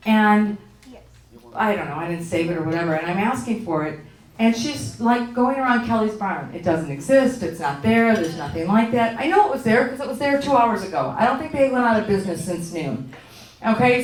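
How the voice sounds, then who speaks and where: Middle-aged woman comic, animated, swearing, exasperated; distant, echoey live recording. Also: mid-range voice. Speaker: stand-up comedian. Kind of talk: stand-up routine. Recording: roomy, from far off.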